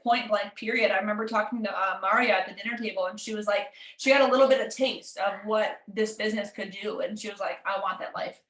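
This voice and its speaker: A woman's voice: a little high, a bit bright, echoey room. A woman telling stories in a casual group chat, laughing often as she talks. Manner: bubbly, laughing, storytelling.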